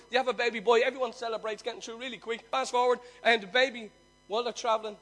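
A man preaching, telling a long story that swings from loud emphasis to near-hushed telling. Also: very high-pitched, quick pace, soft background music. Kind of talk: sermon storytelling.

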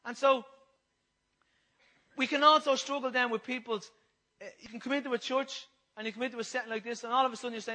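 A man preaching a sermon, impassioned and repetitive, moving between loud passages and hushed ones. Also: very high-pitched, steady tone, fast talker, low-quality recording.

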